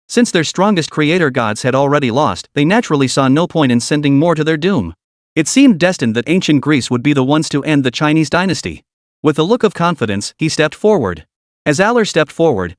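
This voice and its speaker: A man narrating a scripted story recap in an even storytelling delivery. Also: on the high side, no echo, studio quality.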